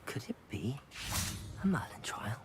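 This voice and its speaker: A man's voice: medium pitch, very animated, measured pace, husky, full character voice. A man voicing a young male student wizard in a video game, calling out spells and musing to himself. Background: loud game music.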